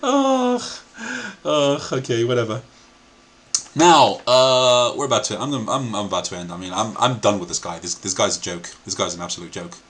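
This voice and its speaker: A man's voice: on the low side, steady tone, brisk, fairly bright tone, a little hiss or hum. A man hosting a video reaction commentary, laughing often while he talks and mixing American and British accents. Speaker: channel host.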